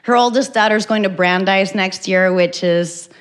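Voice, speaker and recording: A middle-aged woman doing a stand-up comedy set on stage, telling a story deadpan with sudden loud acted bursts. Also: mid-range voice, moderate pace, smooth. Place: stage before a live audience.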